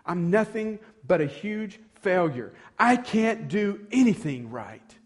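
A man's voice: fairly high pitch, moderate pace, natural voice. A preacher voicing a despairing fisherman disciple. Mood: defeated. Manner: pleading, self-pitying inner monologue. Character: despairing grown male fisherman disciple, self-condemning.

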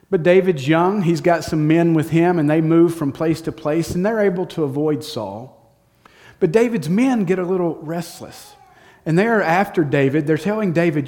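A man teaching from the Bible, telling the story in a casual, lively way and acting out the quotes. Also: fairly high pitch. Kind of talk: storytelling sermon.

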